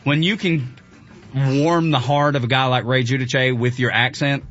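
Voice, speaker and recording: A man's voice: medium pitch, steady tone, normal speed, fairly bright tone, muffled recording, soft background music. A man with a Southern US accent, hosting a casual chat, enthusiastic and often laughing. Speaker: show host.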